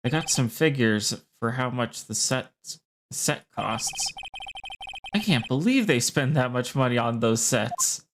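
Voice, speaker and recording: Brief: woman streamer, casual game commentary, lively intonation, slow and low. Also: background noise. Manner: self-deprecating, giggly asides. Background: game music.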